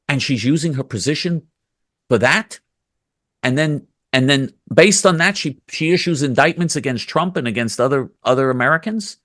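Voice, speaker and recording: A man's voice: mid-range voice, a bit bright, no room sound, studio quality. A man hosting a casual commentary chat, speaking indignantly and repeating himself. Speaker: host.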